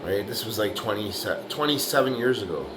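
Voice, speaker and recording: Fairly low in pitch, brisk, and lively in intonation, a middle-aged bricklayer vlogger rambles through a motivational monologue as background noise carries on. He talks tough and blunt, swears a lot, and keeps asking "you know, right?"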